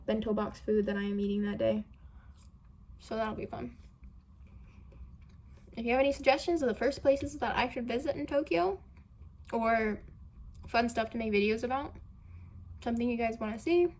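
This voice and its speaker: A woman's voice: a little high, a little mellow, slight background noise. A young woman vlogging casually from a hotel room, chatty and self-mocking, with many fillers. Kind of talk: casual vlog chat.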